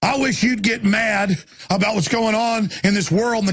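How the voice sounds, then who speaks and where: A man hosting a talk radio show, delivering an impassioned rant that swings from low muttering to shouting. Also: steady tone, normal speed, slightly rough.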